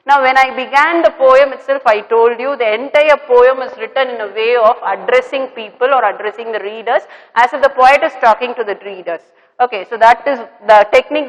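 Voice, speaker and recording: A middle-aged woman English teacher with a fairly high voice walks her students through a poem in a classroom lesson. She repeats her points and keeps checking in with "okay" and "clear?", her voice ringing with a long reverb.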